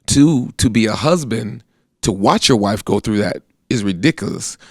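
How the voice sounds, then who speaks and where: Recounting his own story as a guest, an American army veteran in his thirties speaks earnestly and plainly, like everyday conversation, and gives voice to those he quotes. His lowish voice is expressive at a normal speed, with no room sound and studio quality.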